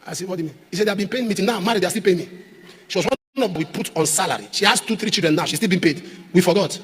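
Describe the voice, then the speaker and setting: A man preaching a sermon as pastor, repeating refrains and rising to shouts. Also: high voice, racing, husky. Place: large church auditorium. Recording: echoey church hall.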